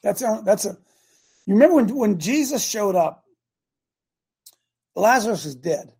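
An older man with a gravelly, husky voice hosts a morning talk show. He preaches in a folksy, emphatic way, pushing some lines out loud and dropping others low. His tone stays plainspoken and conversational. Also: very animated, a little slow. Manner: folksy, emphatic, rises and drops loudness for effect. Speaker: host.

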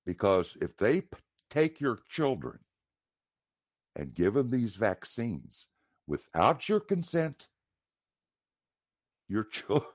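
A man's voice: fairly low pitch, big pitch swings, slow pace, long pauses, dry recording, clean studio sound. A man calling in to a talk show, speaking earnestly and with emphasis. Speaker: caller.

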